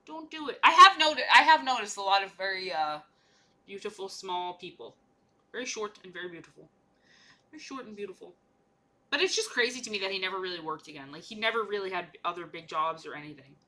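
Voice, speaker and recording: Bright, playful young woman streamer. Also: mid-range voice, expressive, fast. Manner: rambling, playful, jokey. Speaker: streamer painting miniatures. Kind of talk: casual livestream chat.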